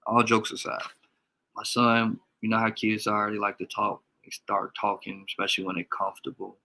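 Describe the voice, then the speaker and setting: A man's voice: fairly low pitch, little pitch movement, normal speed, gravelly, sharp tone. A man speaking to his followers in a casual vlog as an emotional father, his voice crackling as he stumbles and repeats words.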